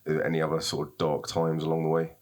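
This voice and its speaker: A very deep-voiced male host talks fast and in a flat tone. He puts a casual, halting question to his guest. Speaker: podcast host. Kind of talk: interview question.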